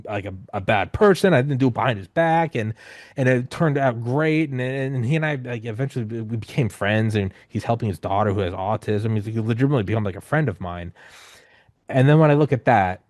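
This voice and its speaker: A man in his thirties hosting a podcast, telling stories in a loose, rambling, animated way with casual swearing. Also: medium pitch, brisk, no echo, studio quality. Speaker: podcast host. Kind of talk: casual conversational storytelling.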